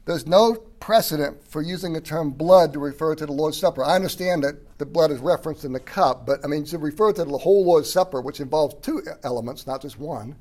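Throat-clearing pastor teaching a passage. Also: male voice, a little high, brisk, few pauses, a little mellow. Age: 30s or older. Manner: conversational, frequent throat clearing. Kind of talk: sermon teaching.

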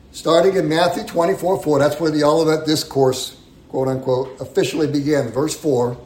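A man's voice: fairly high pitch, darkish tone. A man preaching a sermon, teaching verse by verse in a conversational way, stressing key phrases and often repeating words. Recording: roomy echo.

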